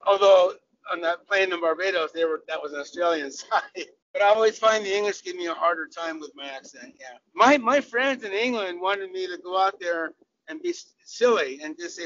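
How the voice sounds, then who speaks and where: Older American man, high voice, chatty, laughs often, restarts, muffled lo-fi sound. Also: fairly quick, fairly bright tone, slight background noise. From Southern California. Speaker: guest, cricketer. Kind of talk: casual interview chat. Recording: dull lo-fi audio.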